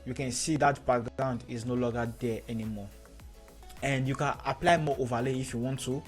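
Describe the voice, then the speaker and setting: A man teaching photo editing in a screen-recorded tutorial, giving steady step-by-step instructions and repeating key points. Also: mid-range voice, normal speed, soft background music.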